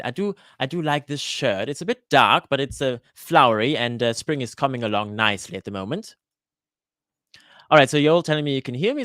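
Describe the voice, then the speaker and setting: A man hosting a live Q&A for his cooking channel, chatting casually and greeting viewers by name, often pausing with "uh" and restarting his sentences. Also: mid-range voice, fairly bright tone, no echo, studio quality. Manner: hesitant, with frequent "uh" fillers and restarts. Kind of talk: live-stream Q&A chat. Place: lives in Switzerland.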